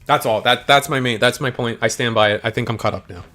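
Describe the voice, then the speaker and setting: A young man with a medium-pitched, sharp voice speaks quickly while streaming. He gives rambling, slangy live commentary on a card game and talks to his chat.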